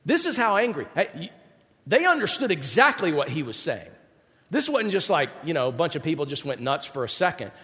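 High-voiced man preaching in a hall. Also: a little fast. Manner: animated, acts out quoted voices with big pitch swings. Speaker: pastor. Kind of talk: sermon.

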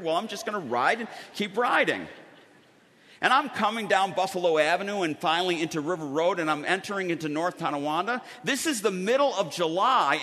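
A man preaching a sermon, telling stories with dramatic pauses and lively emphasis. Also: a little high. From Western New York. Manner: animated storytelling with dramatic pauses. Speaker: pastor. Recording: reverberant hall.

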